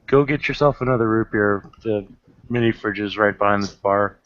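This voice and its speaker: A man's voice: lowish voice, moderate pace, fairly bright tone, dry recording. A man running a tabletop game as game master, describing scenes with a wry, dry manner. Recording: dull lo-fi recording, dry.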